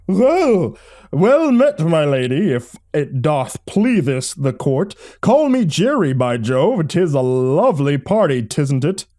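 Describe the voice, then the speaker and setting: A man doing a loud, hammy goofball in a high voice. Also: very animated, slow. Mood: hamming. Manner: theatrical, booming, archaic put-on accents. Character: exuberant goofy young man hamming old-timey voices.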